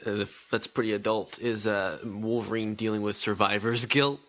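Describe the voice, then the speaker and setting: A man's voice: fairly low pitch, fairly even intonation, moderate pace, fairly bright tone, highs cut off. A man co-hosting a casual podcast, easygoing, with brief replies and frequent laughter. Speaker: podcast co-host. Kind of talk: casual chat.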